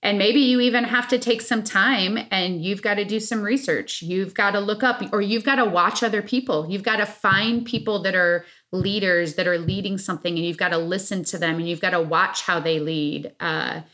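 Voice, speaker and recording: A woman's voice: medium pitch, normal speed, few pauses, a bit bright. Earnest woman co-hosting a chat. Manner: earnest, emphatic, filler-heavy. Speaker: podcast co-host. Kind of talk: casual podcast chat about parenting.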